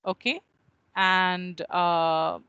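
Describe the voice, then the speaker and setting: A woman teaching a phonetics lesson over a video call, speaking slowly and repeating words to model how they are pronounced. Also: fairly low pitch, flat delivery, sharp tone, clean tone, dry recording, lo-fi sound. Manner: slow and measured, repeating words to model pronunciation. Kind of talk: online phonetics lecture.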